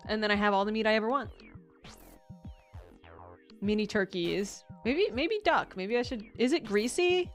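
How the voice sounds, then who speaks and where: A woman's voice: medium pitch, normal speed, pauses often, soft background music. A young woman streamer in a casual chat, talking freely, swearing and laughing often.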